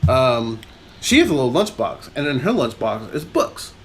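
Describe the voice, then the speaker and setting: A man's voice: mid-range voice, sing-song, moderate pace, slight background noise. A man co-hosting a podcast, rambling through a film recap in casual chat and laughing often. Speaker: podcast co-host.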